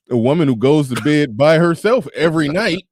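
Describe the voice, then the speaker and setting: This livestream host's voice is a little high and a little mellow, with lively intonation at normal speed. He goes through viewer super chats bluntly and with plenty of profanity, laughter, and sarcasm, and the recording is dry and studio quality.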